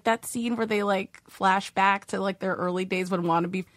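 A woman's voice: medium pitch, fairly even intonation, moderate pace, no echo. A woman guest on a podcast in casual, enthusiastic chat, full of "like" fillers. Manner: enthusiastic, lots of "like".

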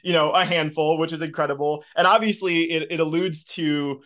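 A man's voice: fairly high pitch, steady tone, brisk, a bit bright. A man hosting an interview, enthusiastic and rambling, with lots of restarts as he sets up his questions. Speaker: podcast host. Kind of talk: casual interview chat.

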